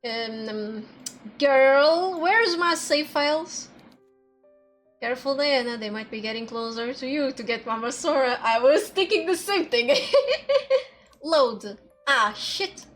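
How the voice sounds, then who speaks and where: High-pitched, slow-talking woman streamer. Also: animated, fairly bright tone. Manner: chatty, playful, swears often. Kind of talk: casual game-stream chat. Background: faint background music.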